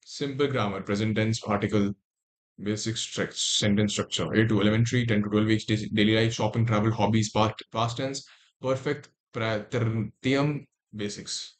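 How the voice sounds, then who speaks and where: A man's voice: fairly low pitch, flat delivery, brisk. Young Indian man reading aloud on stream. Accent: Indian English. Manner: reads text aloud with muttered asides and restarts. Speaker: livestreamer. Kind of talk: casual livestream, reading aloud.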